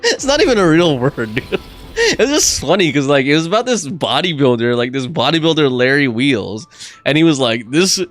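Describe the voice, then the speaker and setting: Chatty young man, lively rambling voice. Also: fairly high pitch, moderate pace, soft background music. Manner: rambling, restarts a lot, laughs often. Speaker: game livestreamer. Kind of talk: casual livestream chat.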